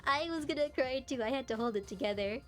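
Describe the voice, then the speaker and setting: A young adult woman streamer in casual live-stream chat, telling stories in an animated way and laughing often. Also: high-pitched, fast talker, soft background music.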